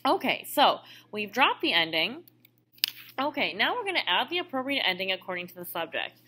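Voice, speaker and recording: Bright, animated woman teaching. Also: mid-range voice, normal speed. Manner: patient, explains step by step. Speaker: Spanish teacher. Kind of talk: recorded classroom lesson.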